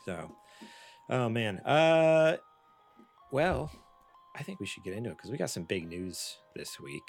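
A man hosting a casual gaming podcast, upbeat and quick to laugh, with a lot of fillers. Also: mid-range voice, sing-song, creaky, faint music behind. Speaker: podcast host.

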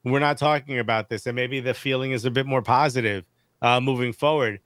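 A man co-hosting a casual sports podcast, animated and joking, using slang, on a studio mic. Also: mid-range voice, brisk, no room sound. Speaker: podcast co-host.

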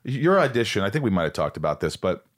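A man in his fifties hosting a podcast, chatting casually and excitably with his guest. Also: lowish voice, quick pace, no room sound, clean studio sound. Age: 50s. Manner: chatty and excitable, jumps in with questions. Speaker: podcast host. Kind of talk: casual interview chat.

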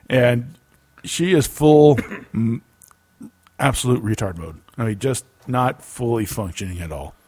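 A man's voice: medium pitch, slow pace, pauses often, a little mellow, slightly rough, dry recording. A man co-hosting a casual comedy podcast, telling stories animatedly and laughing often. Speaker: podcast co-host.

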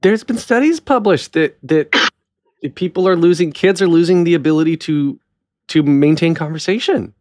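A man's voice: on the high side, moderate pace, darkish tone, dry recording, clean studio sound. A man hosting a theater podcast, talking in a chatty and enthusiastic way. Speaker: podcast host. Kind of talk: casual interview chat.

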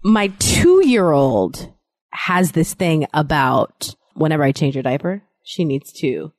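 Lively low-voiced woman co-host. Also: slow pace, dry recording. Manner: animated, jokey storyteller. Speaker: podcast co-host. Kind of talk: casual chat.

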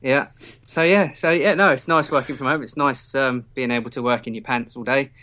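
A man's voice: medium pitch, steady tone, fairly quick, bright, forceful tone, slight background noise. A man hosting a casual podcast chat over a video call, laughing easily and poking fun at himself, with a slightly sore throat. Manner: chatty, self-deprecating, laughs often. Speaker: podcast host.

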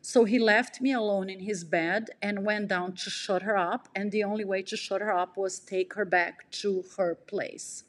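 A woman's voice: fairly even intonation, moderate pace, hardly any pauses. Woman emotionally retelling a personal story. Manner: emotional, breathless retelling, acts out quotes with big pitch jumps. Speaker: podcast storyteller.

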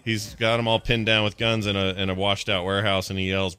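A man co-hosting a live stream, chatting casually and excitably as he reacts to game trailers. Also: lowish voice, a little fast, clear, resonant tone. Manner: excitable, jokey, lively intonation. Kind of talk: casual chat.

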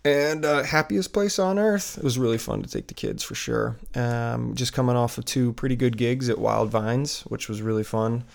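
A man's voice: mid-range voice, animated, moderate pace, creaky, few pauses. A man hosting a solo podcast, rambling and restarting his sentences with lots of fillers. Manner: rambling, self-interrupting, with many fillers. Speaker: podcast host.

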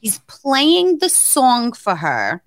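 Drawing out her words over a slight hiss or hum, a woman in her thirties co-hosts a podcast. She chats casually while telling a birth story, an animated narrator who acts out quotes with a sudden jump to a high pitch.

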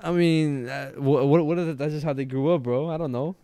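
A man's voice: fairly high pitch, fairly even intonation, fairly quick, warm tone, clean tone, dry recording, studio quality. A young man in his twenties co-hosting a podcast, laid-back and agreeable, laughing often in casual chat. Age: 20s. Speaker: podcast co-host.

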